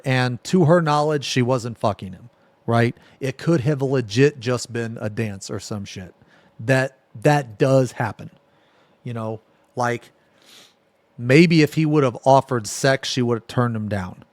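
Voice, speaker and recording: A man's voice: mid-range voice, measured pace, no echo. Blunt, profane male streamer. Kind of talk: casual reaction commentary.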